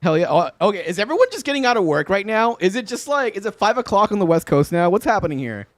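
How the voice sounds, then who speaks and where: A man's voice: sits high, sing-song, quick pace, no room sound. A young man livestreaming from home, chatting loosely with viewers, laughing often and swearing casually. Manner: laid-back, swears often, laughs a lot. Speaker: livestreaming guitarist. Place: home room.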